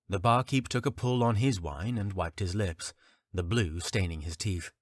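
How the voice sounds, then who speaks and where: A man narrating a fantasy audiobook in a steady storytelling manner. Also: low-pitched, normal speed, no room sound, studio quality.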